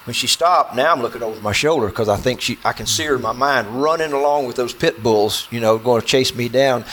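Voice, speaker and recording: A man's voice: mid-range voice, a bit bright, a little hiss or hum. A man telling a gripping personal story to people sitting with him, often stumbling and repeating words as he relives it. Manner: halting and intense, repeating words as he relives events. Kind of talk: personal storytelling to a small audience.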